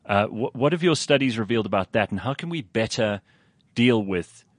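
A man interviewing a guest, measured and thoughtful, often repeating words as he starts a point. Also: fairly low pitch, animated, no echo. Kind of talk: interview questions.

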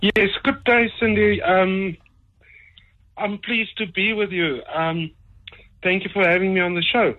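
A man joining a radio show remotely as a guest, speaking slowly and deliberately. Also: sits high, fairly even intonation. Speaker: guest, psychic medium. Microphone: phone or online line. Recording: tinny phone-line audio.

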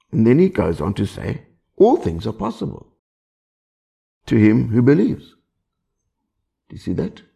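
Gravelly, dark-voiced male preacher. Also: medium pitch. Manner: conversational preaching, asks the listeners questions. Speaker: pastor. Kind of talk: sermon.

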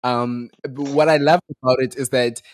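A South African podcast co-host telling rambling, animated anecdotes in casual chat, laughing along the way. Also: mid-range voice, normal speed, a little hiss or hum.

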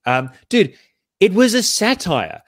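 A man's voice: high-pitched, big pitch swings, takes it slowly, no room sound, studio quality. A man chatting casually on a podcast, rambling with lots of restarts as he explains. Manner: rambling, many fillers and restarts. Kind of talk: casual chat.

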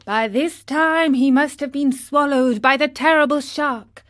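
A gentle, well-mannered dolphin, as a woman reading a storybook puts him on, speaking slowly and carefully. His voice sits a little higher than plain talk, with an unhurried, knowing calm. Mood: grave. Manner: courteous and measured. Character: polite, calm male dolphin, older and knowing.

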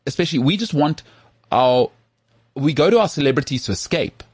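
A man with a South African accent, hosting a casual podcast chat in an animated, rhetorical way and often asking if he is understood. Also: a little high, fairly quick, slightly rough, no echo, clean studio sound. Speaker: podcast host.

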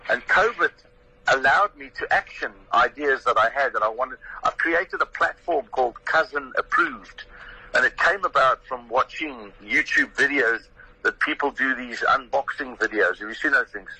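An older South African man with a very bright, forward tone and a husky edge. He tells stories with lively animation, slipping into the voices of the people he quotes, like a comedian chatting on a radio call-in. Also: mid-range voice, poor audio. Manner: animated storyteller who acts out his own quotes. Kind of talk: phone-in radio interview.

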